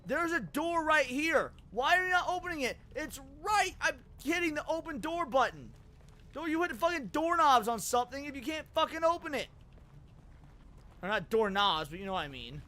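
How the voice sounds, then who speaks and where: A man streaming a game with a very high, bright voice. He is excitable, swears freely and bounces between complaints and chat banter. His pitch moves all over the place. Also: normal speed. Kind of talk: casual gaming commentary.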